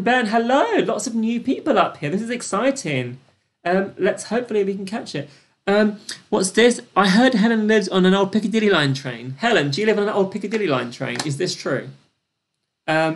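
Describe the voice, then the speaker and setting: A young British woman hosting a live-streamed trivia quiz, chatty and gossipy, with excited gasps and lots of fillers. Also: on the low side. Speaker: quiz host.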